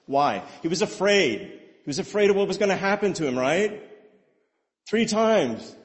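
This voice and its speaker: A man preaching a sermon in an animated way, with rhetorical questions and repeated words. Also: high voice, moderate pace. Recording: long hall reverb.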